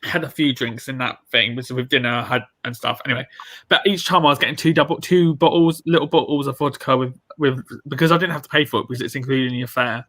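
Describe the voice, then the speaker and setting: Guy rattling off a rambly story, quick, bright sharp tone. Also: medium pitch, steady tone. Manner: rambling, fast anecdote with many fillers. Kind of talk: casual chat, storytelling.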